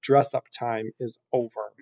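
A man's voice: medium pitch, little pitch movement, a little slow, vocal fry, warm tone, no room sound. A man voicing a cruel, scornful male rat villain with a haughty, sneering delivery. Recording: dull lo-fi recording.

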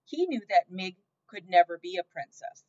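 A woman narrating a children's storybook chapter with an expressive, dramatic reading. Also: lowish voice, moderate pace. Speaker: audiobook narrator. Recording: dull lo-fi audio.

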